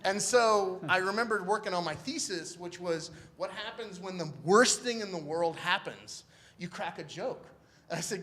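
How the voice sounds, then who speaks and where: High-voiced man telling a story live. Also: moderate pace, a bit bright. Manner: casual, slangy, laid-back. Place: church event stage.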